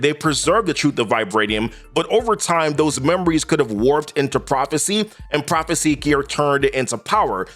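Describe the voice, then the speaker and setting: A man's voice: a little high, a bit bright. A man hosting a casual comic book recap, chatty and enthusiastic. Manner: enthusiastic, chatty, laughs often.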